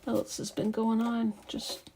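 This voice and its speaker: A woman's voice: on the high side, completely flat delivery, a little slow, noisy background. A middle-aged woman quilter chatting casually and rambling as she sews at home. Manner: rambling, chatty, talks while working. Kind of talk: casual chat while sewing.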